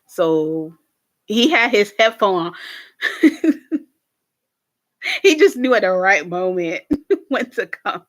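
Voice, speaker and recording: A young woman hosting a casual reaction video, recapping a TV episode to her viewers in an animated way, laughing often and swearing freely. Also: medium pitch, slow, long pauses.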